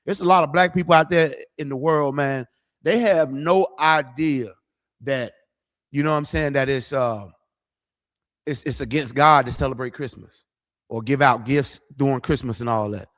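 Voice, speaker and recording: A man's voice: on the high side, fairly bright tone. A middle-aged man preaching, blunt, profane and conversational, livestreaming to viewers. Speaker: street preacher.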